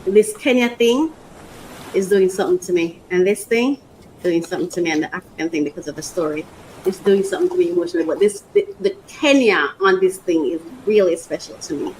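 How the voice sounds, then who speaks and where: A woman's voice: fairly low pitch, fairly quick, darkish tone, a little hiss or hum, rough recording. A woman hosting a casual unboxing vlog, rambling, emotional and repeating herself. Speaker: podcast host.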